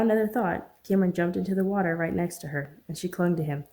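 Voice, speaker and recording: A woman author narrating her own novel as an audiobook, earnest and steady. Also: on the low side, quick pace, hardly any pauses.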